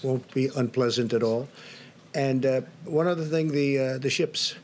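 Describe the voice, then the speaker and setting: Older man, press briefing remarks, repetitive, superlatives, mid-pitched voice. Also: normal speed, a little hiss or hum. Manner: rambling, repetitive, superlative-heavy. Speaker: briefing speaker at press podium.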